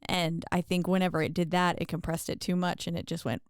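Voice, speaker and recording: Podcast cohost reacting fast while talking about a movie, smooth clear voice, dry mic. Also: mid-range voice, dry recording. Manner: animated, jumping in with quick reactions. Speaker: podcast co-host. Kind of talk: casual chat recapping a film.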